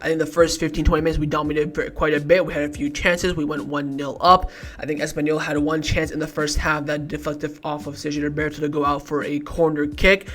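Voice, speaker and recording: A man hosting a football match review vlog, heated and ranting, swearing often as he rates the team. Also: on the high side. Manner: shifts from calm rating talk to loud outbursts. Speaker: football fan channel host.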